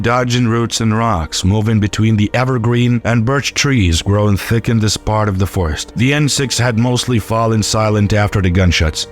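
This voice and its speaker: A man telling a first-person horror story in a steady, scripted narration. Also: lowish voice. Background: faint background music.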